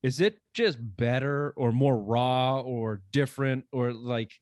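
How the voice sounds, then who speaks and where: A man's voice: medium pitch, slow, a little mellow, no echo, studio quality. A man hosting a sports podcast, asking loose, profane questions in casual chat. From Boston area.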